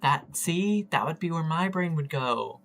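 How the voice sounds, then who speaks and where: A man's voice: fairly high pitch, expressive, unhurried, creaky, fairly bright tone, soft background music. A man chatting casually while playing a text adventure, reading its lines aloud and joking about them in a self-mocking way. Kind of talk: casual let's-play commentary.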